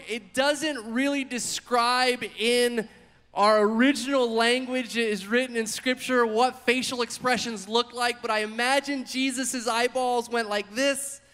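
A man preaching a sermon, telling the story with animated, acted-out quotes. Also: extremely high pitch, in a large hall. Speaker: pastor.

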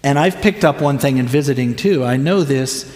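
An older man preaching a sermon as a pastor, slow and earnest, stretching his words with long pauses. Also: medium pitch, darkish tone. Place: church sanctuary. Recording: echoey hall, voice from a distance.

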